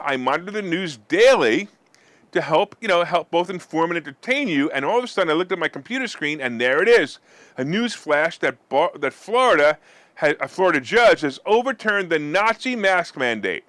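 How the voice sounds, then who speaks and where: A man's voice: a little high, big pitch swings, normal speed, pushed and bright, dry recording. A man hosting a finance and politics show, reading his commentary with sarcastic asides. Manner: sarcastic, mock-weeping theatrics. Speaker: host.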